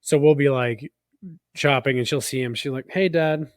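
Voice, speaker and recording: A man's voice: medium pitch, normal speed, no echo. Laughing man in his thirties, dry mic. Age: 30s. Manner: animated storytelling, laughs often. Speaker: podcast co-host. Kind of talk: casual chat.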